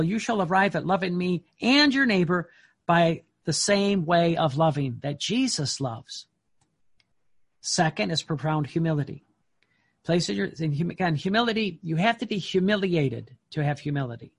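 Gravelly, husky male preacher. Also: a little high. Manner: emphatic, swings from slow reading to excited outbursts. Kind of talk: sermon reading and commenting on devotional text.

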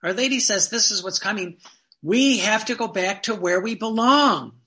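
High, bright-voiced man preaching. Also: normal speed. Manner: emphatic, with rhetorical questions and repeated phrases. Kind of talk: devotional teaching talk.

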